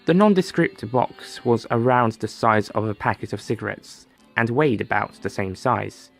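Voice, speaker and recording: A man's voice: medium pitch, normal speed, creaky, soft background music. A man narrating a story in a dry, wry scripted read.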